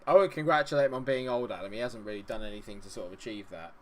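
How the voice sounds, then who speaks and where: A man's voice: on the low side, racing. A young man streaming a game, chatting and joking with viewers, laughing often. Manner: chatty, jokey, laughs often, talks to chat. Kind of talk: live-stream chat with viewers.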